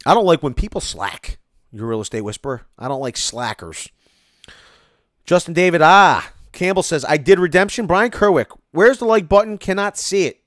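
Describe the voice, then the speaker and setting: A man hosts a casual live stream, reading viewer comments aloud and riffing on them. His delivery is animated, with lots of rise and fall as he rants. The sound is dry and close, with no room echo. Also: on the high side.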